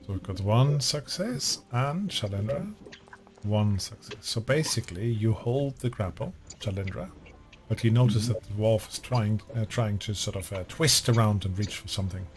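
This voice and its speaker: A man running a tabletop game as game master, giving relaxed, unhurried rulings with fillers. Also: lowish voice.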